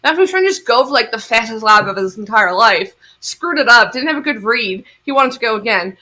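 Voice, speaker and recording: Bright-voiced woman chatting casually. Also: fairly high pitch, a little fast. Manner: animated storytelling with frequent laughs. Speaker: podcast co-host. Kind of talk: casual chat.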